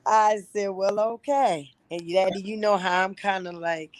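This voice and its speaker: A woman in her fifties giving an earnest, halting personal testimony to her church. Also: medium pitch, no echo. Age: 50s. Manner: earnest, halting, with frequent pauses. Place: livestreamed church gathering.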